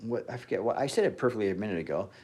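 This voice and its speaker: Profane rambling man with lively pitch. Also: rapid-fire, husky. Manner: profane, rambling, trailing off mid-sentence. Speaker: fitness livestream host. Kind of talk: casual livestream rant.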